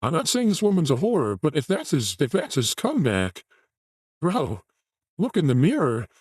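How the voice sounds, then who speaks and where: A man's voice: on the high side, wildly swooping pitch, moderate pace, darkish tone, breathy edge, no room sound, studio quality. Crude ranting man mocking a clip. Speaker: host reacting to a video clip. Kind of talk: commentary on a clip.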